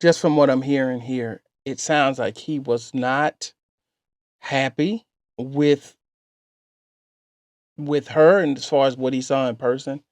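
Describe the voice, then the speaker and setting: A man's voice: medium pitch, steady tone, slow pace, pauses often, dry recording. A man hosting a reaction channel, talking through a story clip and giving his own dating advice to viewers.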